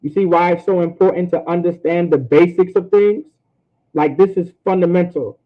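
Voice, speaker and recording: A man teaching a language class in a casual way, often repeating himself and sounding out words slowly. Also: high-pitched, steady tone. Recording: tinny phone-like line.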